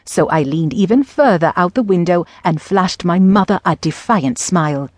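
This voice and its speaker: A woman narrating an audiobook in the first person with measured, even storytelling. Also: on the low side, dry recording, studio quality.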